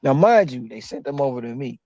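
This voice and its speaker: A man hosting a casual chat, telling animated stories, swearing freely and acting out what people said. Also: medium pitch, brisk, lo-fi sound, soft background music. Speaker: host, delivery driver.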